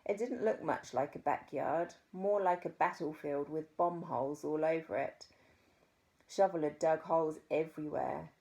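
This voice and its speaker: Expressive New Zealand woman storyteller. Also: deep voice. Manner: expressive, dramatic pauses. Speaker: children's story reader. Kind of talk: reading a children's book aloud.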